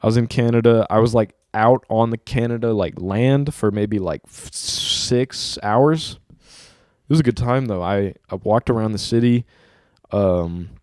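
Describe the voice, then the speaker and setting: A young man hosting a casual chat, telling stories in an animated, profane, slang-heavy way. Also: on the low side, unhurried, no room sound, clean studio sound. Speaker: host.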